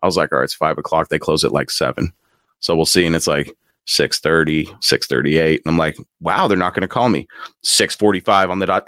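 Low-voiced man telling a story. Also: fairly quick, dry recording, clean studio sound. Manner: animated, acts out quotes with laughs. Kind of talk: casual storytelling.

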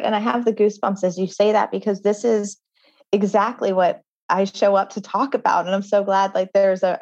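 A woman's voice: mid-range voice, a little mellow, dry recording, highs cut off. Earnest woman telling her story. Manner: earnest, storytelling, frequent "like" fillers. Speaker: author and guest. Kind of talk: interview conversation.

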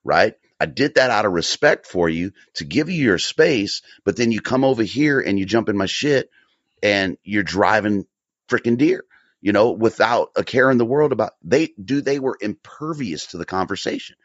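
A man, a guest on a podcast, telling a story in a casual, profane, animated way and often repeating himself. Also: lowish voice, normal speed, no room sound. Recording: dull lo-fi audio.

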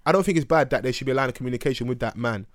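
A man's voice: mid-range voice, rapid-fire, no echo, clean studio sound. A young man telling stories and trading banter on a podcast. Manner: animated storytelling with slang. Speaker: podcast host.

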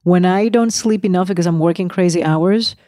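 Animated woman with dry close sound. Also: fairly low pitch, fairly quick, no echo. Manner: animated, talks over her partner, repeats herself. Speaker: podcast co-host. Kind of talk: casual chat.

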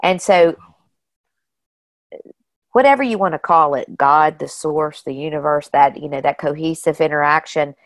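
Low, gravelly-voiced woman telling stories. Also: normal speed, long pauses, no room sound. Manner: animated storyteller, often says "you know" and "like". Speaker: guest. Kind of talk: casual storytelling.

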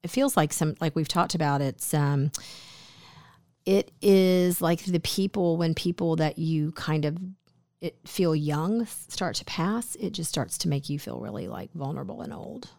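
A woman's voice: deep voice, a little slow, warm tone, dry recording, studio quality. A woman co-hosting a casual radio talk show, chatty and teasing as she quizzes her co-host.

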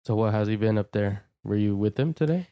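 A podcast co-host chatting in a relaxed, hesitant way with many ums. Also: mid-range voice, brisk, smooth, no echo. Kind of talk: casual chat.

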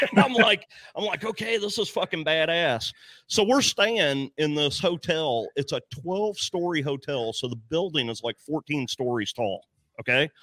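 A man's voice: a little high, normal speed, no room sound. A man telling a story in casual podcast chat, swearing freely and acting out the dialogue. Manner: profane, animated storyteller who acts out the dialogue.

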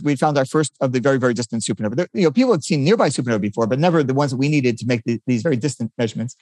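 Quick, eager older man explaining science. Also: on the high side, darkish tone, no room sound, studio quality. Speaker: physicist guest. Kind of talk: conversational interview.

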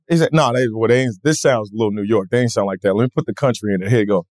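A man being interviewed, telling stories in a relaxed, lively way and acting out other people's voices. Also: lowish voice, racing, no echo, clean studio sound. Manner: animated, acts out voices in his stories. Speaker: comedian guest. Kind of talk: casual interview storytelling.

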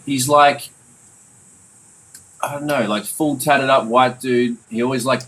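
A man's voice: medium pitch, fairly even intonation, unhurried, a bit bright, low-quality recording. A man hosting a casual music review chat, loose and sweary with plenty of fillers. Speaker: podcast host and mixing engineer.

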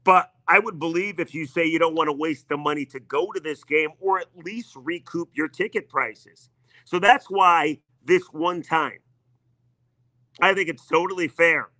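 A man's voice: a little high, unhurried, sharp tone, no echo. A man hosting sports talk radio, delivering an emphatic, needling monologue that leans on repetition.

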